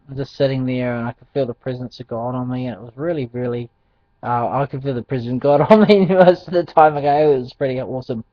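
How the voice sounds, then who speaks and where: A man's voice: medium pitch, no room sound. Rambling man with lo-fi sound. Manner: rambling, hesitant, many ums and restarts, chuckles often. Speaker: Christian testimony speaker. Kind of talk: casual spoken testimony. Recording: dull dry lo-fi recording.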